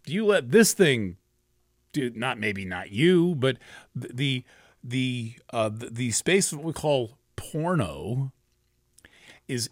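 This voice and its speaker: A man's voice: mid-range voice, no room sound, clean studio sound. A man giving a casual astrology talk, rambling and emphatic, often restarting and cursing freely.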